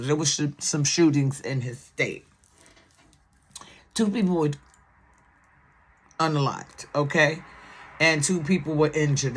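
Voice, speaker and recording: Indignant chatty woman vlogger. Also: fairly bright tone. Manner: chatty, indignant, rises high when upset. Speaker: vlogger commenting on the news. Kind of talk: casual news commentary.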